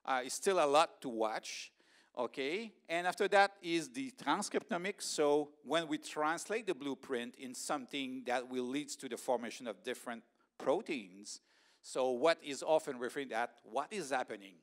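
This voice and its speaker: A middle-aged man with a Canadian accent, a research scientist giving a conference presentation, speaking in a halting way with frequent pauses and quick "okay?" check-ins. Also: mid-range voice.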